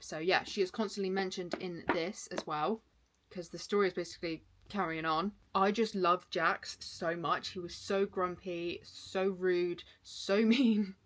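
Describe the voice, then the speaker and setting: A woman's voice: lowish voice, fairly even intonation. A young woman, a full-time content creator, chatting casually and enthusiastically about the books she read. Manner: chatty and enthusiastic, with quick asides. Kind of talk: casual book wrap-up chat.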